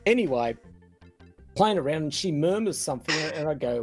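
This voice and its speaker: A man's voice: a little high, lively intonation, normal speed, faint music behind. A man telling a long funny story on a podcast panel, laughing often as he goes. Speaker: panel guest, former game hotline worker.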